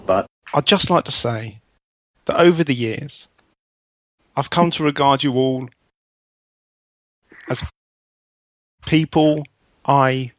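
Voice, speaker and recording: An actor playing an awkward, prickly man making a halting farewell speech in a TV comedy. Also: mid-range voice, natural voice, low-quality recording. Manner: halting, slow.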